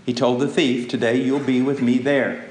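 A man preaching a sermon, with impassioned pleading that climbs to loud peaks. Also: medium pitch, level tone, normal speed, slight background noise. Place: church hall. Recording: echoey church with faint ambience.

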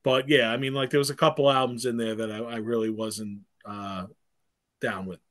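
A man guesting on a podcast, with a voice of ordinary pitch. He talks in a relaxed, rambling way and keeps dropping "man" and "you know" into his sentences. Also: moderate pace. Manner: laid-back, drawling, peppered with "man, you know". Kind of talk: casual chat.

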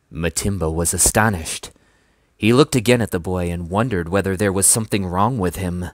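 A man reading a children's novel aloud in a measured, even way. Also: low-pitched, no room sound. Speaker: storybook reader.

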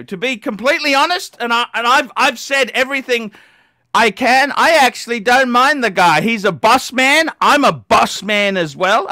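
A man hosting a live stream, ranting and swearing at callers, bursting into shouts. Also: sits high, no room sound, clean studio sound. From Australia. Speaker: livestream host.

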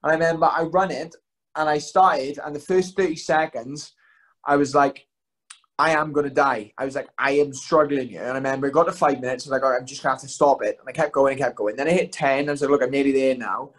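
Speaking fast with a medium pitch and fairly even intonation, a young man chats as a guest on a podcast. He's a fighter, and his casual stories ramble, poke fun at himself and are full of curses.

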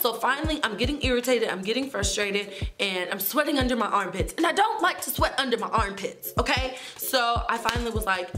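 Young adult woman, vlogger, sassy and animated storytime delivery, over a clear music bed. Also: fairly high pitch, brisk, hardly any pauses. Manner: animated, sassy, talks straight to viewers. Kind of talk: casual storytime.

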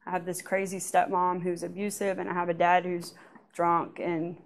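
Lady with a lowish voice doing a church testimony, soft and halting, trails off a lot. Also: flat delivery. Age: adult. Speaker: testimony speaker.

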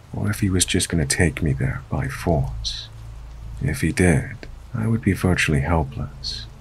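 A man reads a first-person horror story in a steady, low-key way. His voice sits very low with a gravelly fry running through it. Faint background noise sits under his voice.

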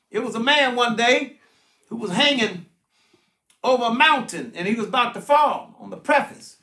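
A man's voice: very high voice, bright, forceful tone. An older man teaching a sermon-style Bible study as pastor, preaching emphatically and often calling out to his listeners to pay attention. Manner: emphatic preaching with repeated "watch this" and "listen" cues. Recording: roomy echoing sound.

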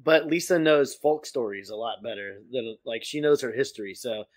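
A man's voice: medium pitch, normal speed. A man co-hosting a podcast, dropping wry comments and chuckles while recapping a cartoon episode. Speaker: podcast co-host. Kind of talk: casual episode recap chat.

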